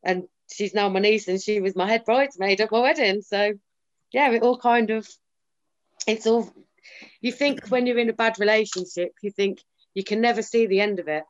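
This woman speaks at a medium pitch with a steady tone and moderate pace. She's a guest sharing her story candidly in a casual chat, emphatic and often quoting herself and others, on a slightly dull lo-fi recording.

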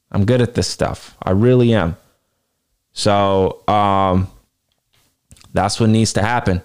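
A man hosting a podcast solo, giving animated, casual commentary with plenty of swearing and open self-confidence. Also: on the low side, smooth. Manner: animated, profane, self-assured. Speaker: podcast host.

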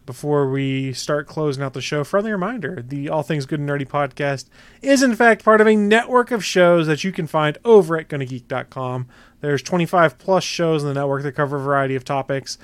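A man hosting a podcast in an easygoing way, steering the show between segments and promos. His voice sits a little high for a man. The recording is dry and close. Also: brisk, clean tone, dry recording. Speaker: podcast host. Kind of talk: casual chat and show promos.

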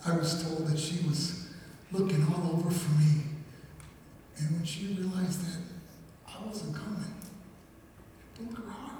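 Man speaker, earnest storyteller, slightly higher voice, caught from afar in a big reverberant hall. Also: warm tone, a little hiss or hum. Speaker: motivational speaker. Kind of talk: emotional public presentation. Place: large hall before an audience. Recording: echoey hall from far off, faint music.

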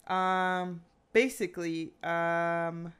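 A woman chatting casually, retelling a true-crime story with animated quoted lines and frequent fillers. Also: lowish voice, very slow, smooth, soft background music.

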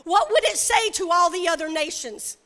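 A woman's voice: extremely high pitch, moderate pace, fairly bright tone. A woman preacher voicing Moses as an older male prophet pleading earnestly. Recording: reverberant hall.

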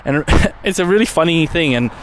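A man's voice: a little high, lively intonation, moderate pace, a little hiss or hum. A young man hosting his own podcast, chatting casually in a rambling way and swearing now and then. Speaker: podcast host. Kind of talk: casual solo podcast chat.

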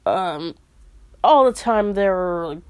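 A woman with a somewhat low voice chats casually, retelling a story she's reading. She talks in a relaxed, easygoing way, full of asides. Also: very slow. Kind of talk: casual chat, reading a book aloud.

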